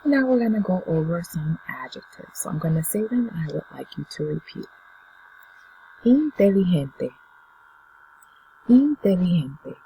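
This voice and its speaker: A woman teaching a beginner Spanish lesson, patiently saying words and pausing so students can repeat them. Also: low-pitched, animated, creaky, warm tone, slight background noise, poor audio. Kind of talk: classroom language lesson.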